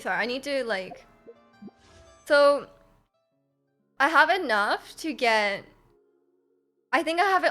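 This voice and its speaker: Woman game streamer, rambling and giggly, slightly high, soft game music under her. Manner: rambling, giggly, lots of fillers. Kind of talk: casual chat while gaming.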